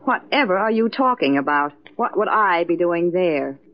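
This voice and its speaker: An actress playing a jealous, high-strung young woman in a 1940s radio drama, indignant and sharp-tongued. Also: animated, normal speed, natural voice. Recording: dull old radio broadcast.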